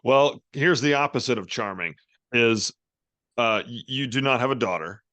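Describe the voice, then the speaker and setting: A man's voice: mid-range voice, moderate pace, fairly bright tone, no room sound. Man host with dry, close sound. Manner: asks short, playful superlative questions. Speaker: podcast host. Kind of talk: casual interview questions.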